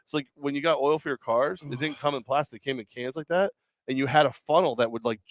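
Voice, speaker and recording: Quick joking guy on sports radio, rambles a lot, dry studio sound. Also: medium pitch, dry recording. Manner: rambling, joking, many restarts. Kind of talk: casual sports talk.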